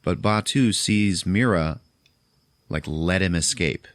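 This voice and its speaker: A man's voice: deep voice, slow pace, no room sound. A man hosting a podcast, casually recapping a movie in a loose, profane way. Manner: loose, profane, retelling with quoted voices. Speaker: podcast host.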